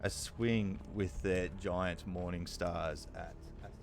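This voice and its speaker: A man narrating as dungeon master of a tabletop game, talking loosely with many fillers and pauses. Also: deep voice, fairly even intonation, music in the background.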